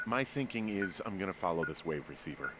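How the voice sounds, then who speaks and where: A man's voice: low voice, animated, fairly quick, over loud music. A man voicing a dry, matter-of-fact male fire lookout in game dialogue. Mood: deadpan.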